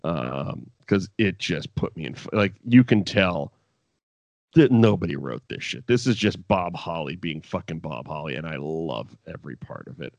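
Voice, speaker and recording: A man's voice: sits low, moderate pace, vocal fry, no room sound, muffled recording. A man in a casual podcast chat, telling a wrestling story with lots of swearing and laughter. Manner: profane, laughing, animated storytelling. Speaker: podcast co-host.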